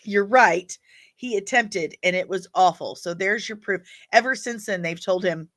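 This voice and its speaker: A woman's voice: mid-range voice, normal speed, fairly bright tone. A woman hosting a casual livestream, chatty and opinionated as she reacts to viewer comments. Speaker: livestream host reading chat.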